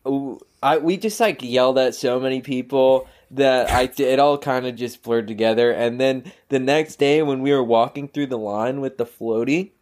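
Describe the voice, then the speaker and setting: A man's voice: mid-range voice, moderate pace, hardly any pauses. A young man in casual chat, telling a story with energy and acting out the voices of the people in it. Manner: animated storytelling, acts out quoted voices.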